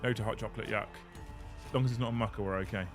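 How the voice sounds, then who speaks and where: A man's voice: on the low side, steady tone, rapid-fire, loud music behind the voice. A young man hosting a live stream, thanking viewers, joking, swearing and laughing often. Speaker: livestream host. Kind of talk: casual live-stream chat.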